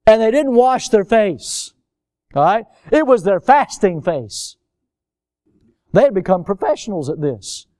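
A male pastor preaching a sermon, swinging between loud emphatic outbursts and low, quiet asides. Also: measured pace, dry recording, clean studio sound. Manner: animated, swings from loud high exclamations to low quiet remarks.

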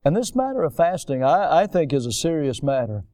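Guy preaching, high voice, dry close mic, jumps loud then drops real low. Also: brisk, no echo. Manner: animated, swings from loud high exclamations to low quiet remarks. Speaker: pastor. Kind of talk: sermon.

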